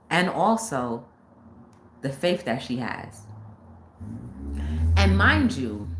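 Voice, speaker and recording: A woman host with a deep voice casually retells a story, acting out its scenes with lively energy. Her voice rings in an echoey room over faint background noise. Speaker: talk show host.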